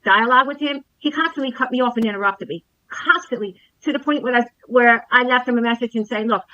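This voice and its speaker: A middle-aged woman with a somewhat high, bright and forceful voice recounts her past in a personal testimonial to camera. She is earnest and comes back again and again to the things that bothered her, stressing each grievance. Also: highs cut off. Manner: earnest, repeats herself, emphatic on grievances. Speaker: former coaching client telling her experience.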